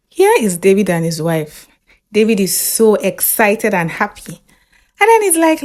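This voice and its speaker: A Nigerian woman narrating a film recap in a lively storytelling way. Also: medium pitch, measured pace.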